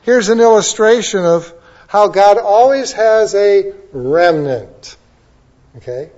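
A male preacher delivers a sermon with animated, emphatic storytelling. His voice sits fairly high, and the recording sounds dull and lo-fi. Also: takes it slowly.

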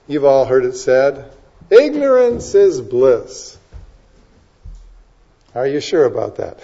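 A pastor preaches a sermon in a warm, medium-pitched voice that swoops wildly up and down, captured with lo-fi sound. He poses rhetorical questions and climbs to emphatic peaks while quoting scripture references in quick succession.

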